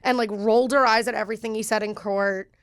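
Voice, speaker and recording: Woman, comedian guest, chatty storyteller, higher voice, dry close sound. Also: fairly even intonation, fast talker, clean tone, no echo. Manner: chatty, with frequent fillers and laughter. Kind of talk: casual chat, personal storytelling.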